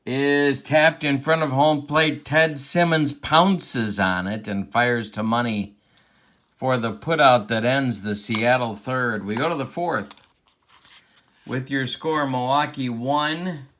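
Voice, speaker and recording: A man's voice: medium pitch, slow, a bit bright. A man doing play-by-play commentary of a tabletop baseball game replay, with an announcer cadence and open rooting for his team. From Central Illinois.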